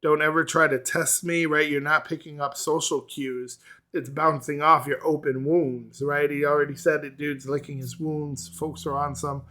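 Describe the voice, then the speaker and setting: A man hosting a music reaction video, talking casually and reacting with quick excitement between plays of the track. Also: fairly high pitch.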